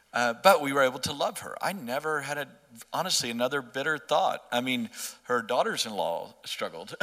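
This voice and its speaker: A man's voice: mid-range voice, bright, forceful tone, in a large hall. A middle-aged man earnestly telling a personal faith story in conversation, often restarting his sentences. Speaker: interview guest.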